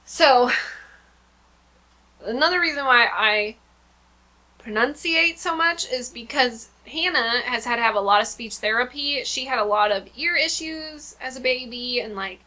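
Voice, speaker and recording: A woman's voice: on the high side, a little slow, sharp tone. A woman in her thirties, a homeschooling mom, chatting casually and rambling with many fillers about her kindergarten lessons at home. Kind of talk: casual vlog chat.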